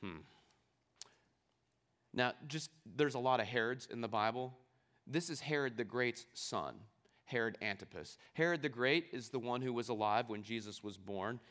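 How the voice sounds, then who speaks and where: A man's voice: mid-range voice, moderate pace, a bit bright. Man preaching an explanatory sermon. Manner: explanatory, asks the audience rhetorical questions. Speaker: pastor. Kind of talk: sermon with scripture reading.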